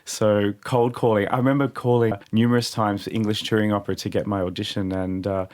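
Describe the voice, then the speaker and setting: A man's voice: fairly low pitch, little pitch movement, brisk, a little mellow. A man, a guest opera singer in a radio studio, telling stories in an easygoing way and laughing often. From Australia. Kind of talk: radio interview. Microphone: studio microphone.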